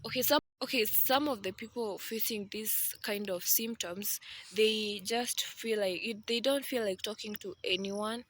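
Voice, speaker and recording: A chatty woman vlogger talks straight to her viewers in a casual, animated way. Her voice is bright and forward, and she mixes playful asides into her talk. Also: medium pitch. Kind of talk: casual vlog talk to camera.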